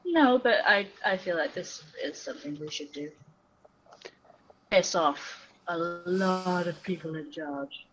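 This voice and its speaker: A woman's voice: on the low side, slow, a little hiss or hum, low-quality recording. Eager woman playing a tabletop game. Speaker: player. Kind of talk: casual tabletop game chat.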